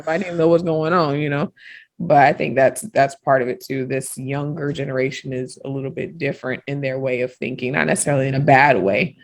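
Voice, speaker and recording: A woman's voice: a bass voice, fairly quick. A woman in her thirties co-hosting a podcast in casual chat, telling stories and acting out quoted voices. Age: 30s. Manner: lively storyteller who acts out quoted voices. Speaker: podcast co-host.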